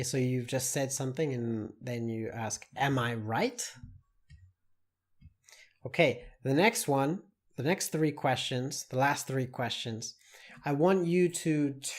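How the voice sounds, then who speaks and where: A man teaching an online English lesson, explaining slowly and deliberately with many spoken examples. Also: mid-range voice, lively intonation.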